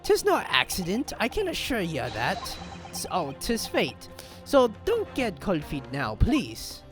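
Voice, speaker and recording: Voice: mid-range voice, huge pitch swings, unhurried, faint music behind. A gamer voicing a stubborn middle-aged Irish man on trial, with a put-on Irish accent and folksy phrases. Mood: pleading.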